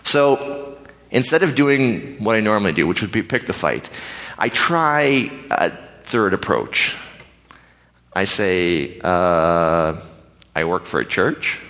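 Animated pastor in an echoing hall. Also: male voice, fairly low pitch, takes it slowly. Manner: animated, conversational, acts out dialogue. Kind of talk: storytelling sermon. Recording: reverberant hall.

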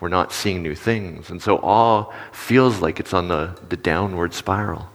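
A man's voice: deep voice, unhurried. Conversational male preacher in a reverberant hall. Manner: conversational, animated when acting out stories, asks the audience questions. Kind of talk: sermon. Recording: long reverb of a large hall.

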